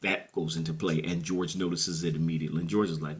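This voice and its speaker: A man's voice: deep voice, flat delivery, fast talker. A man casually recapping a TV episode, chatty and slangy, often repeating himself and playing the characters' lines. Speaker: show recap host.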